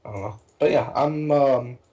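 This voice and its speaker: Rambling excitable young male caster. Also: mid-range voice, moderate pace, low-quality recording. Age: young adult. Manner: rambling, excitable, many fillers and restarts. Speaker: tournament co-caster. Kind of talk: casual esports casting.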